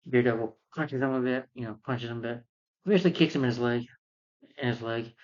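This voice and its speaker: A man's voice: medium pitch, fast talker, a little mellow. A man giving a casual spoken film review, retelling the plot in a rambling, repetitive way. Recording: dull, muffled lo-fi sound.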